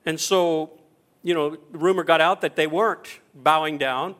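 Man, middle-aged, pastor, sermon, high-pitched, storytelling with acted-out quotes, loud and hushed turns. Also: steady tone, measured pace. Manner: swings between loud and hushed.

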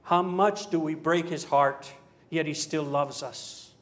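Male preacher, a touch high in pitch, dramatic sermon storyteller who moves from emphatic to quiet. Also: steady tone, slow. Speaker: pastor.

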